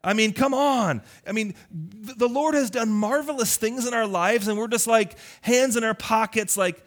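A male pastor preaching a lively, conversational sermon, teasing his congregation. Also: extremely high pitch, normal speed, hardly any pauses.

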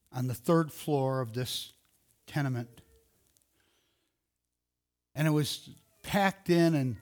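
Rambling male storyteller at middle pitch. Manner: loose and rambling, with restarts and self-corrections. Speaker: speaker telling a closing story. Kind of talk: informal storytelling.

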